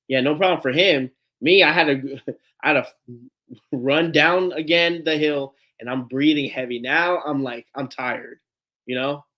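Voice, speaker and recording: Hosting a live sports fan stream, a man rambles through a story in a casual, animated way, swearing freely and laughing along. His voice is medium-pitched and his speed normal.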